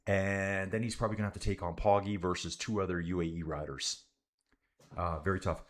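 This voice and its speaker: A young man with a lowish voice commentating a bike race live for his stream. He keeps it loose and chatty, calling his viewers guys and dude as he follows the riders and reads out comments. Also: steady tone, a little fast. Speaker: livestream cycling commentator.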